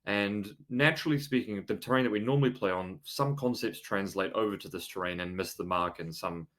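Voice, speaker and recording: Male podcast host, low pitch, easygoing hedging delivery. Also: brisk. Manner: relaxed, hedging with "you know" and "um". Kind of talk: casual chat.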